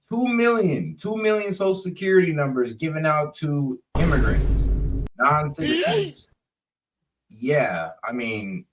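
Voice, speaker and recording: A man casually reacting to a video, sarcastic and incredulous. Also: mid-range voice. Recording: voice a bit distant from the mic.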